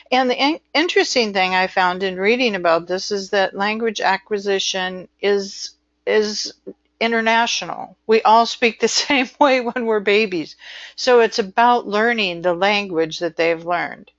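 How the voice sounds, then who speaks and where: A woman's voice: mid-range voice, a bit bright, no room sound. A woman giving an informal, digressive lecture as a medical transcription instructor, chatty and prone to acting out quoted voices. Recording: dull lo-fi dry recording.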